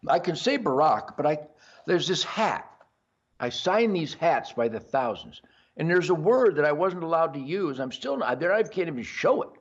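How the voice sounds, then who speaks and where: Older male host, brash and boisterous, lively swinging pitch, raised voice, dull lo-fi sound. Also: normal speed. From Detroit area. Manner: boisterous, brash, self-promoting. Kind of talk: rambling monologue. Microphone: earpiece.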